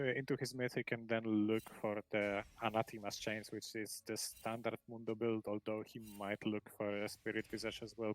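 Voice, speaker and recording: A man with a lowish voice doing color commentary on a live esports match. He talks in a relaxed, casual way and breaks down the plays as they happen. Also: a little hiss or hum, rough recording. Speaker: esports co-caster.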